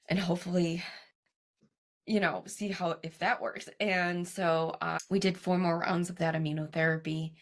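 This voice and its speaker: A young woman with a low, gravelly voice tells her story in a relaxed interview. She talks in a lively way, acts out other people's lines, and laughs often. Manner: animated, quotes herself and others, laughs often. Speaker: guest, cancer survivor and coach.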